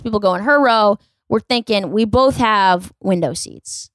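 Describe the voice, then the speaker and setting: A woman's voice: medium pitch, unhurried, clear, resonant tone, dry recording, clean studio sound. A young adult woman, a comedian hosting a solo podcast, telling rambling stories in a snarky, profane style and acting out the people in them. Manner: profane, rambling, snarky storytelling with acted-out quotes.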